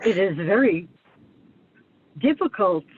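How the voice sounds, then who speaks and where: Emotional halting man on a phone line. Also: high-pitched, very animated, slightly rough. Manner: halting, emotional, searches for words. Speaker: student asking a question.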